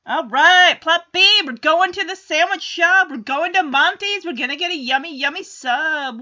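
A woman's voice: high-pitched, a little slow, few pauses, sharp tone, highs cut off. A woman casually recapping a sitcom episode in a chatty way, acting out the characters' lines as she goes. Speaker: show recap host.

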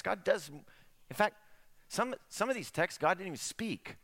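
A middle-aged man delivers a sermon in a bright, high voice. He talks to the congregation in a conversational way and asks them rhetorical questions. His pitch swings widely as he speaks. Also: animated, moderate pace. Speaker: pastor.

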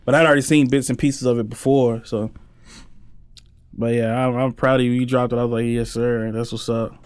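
A man's voice: medium pitch, little pitch movement, fairly quick, a little mellow, clear, resonant tone, dry recording. A man in his thirties, a podcast co-host, chatting in a laid-back, rambling way and laughing often as he swears his way through stories. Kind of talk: casual chat.

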